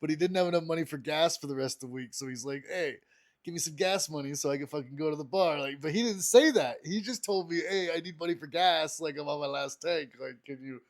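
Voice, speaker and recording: A young man with a slightly high voice talks casually on a podcast. He laughs a lot and swears easily as he rambles through stories about friends and family. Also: fast talker. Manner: laughing, loose and profane storytelling. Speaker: podcast co-host. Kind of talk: casual chat.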